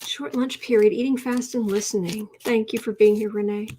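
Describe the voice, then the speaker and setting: A woman hosting a casual tarot livestream, chatting with viewers, reading their comments aloud and cooing softly to her cat. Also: medium pitch, fairly even intonation, moderate pace, slight background noise. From United States. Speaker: tarot reader and livestream host.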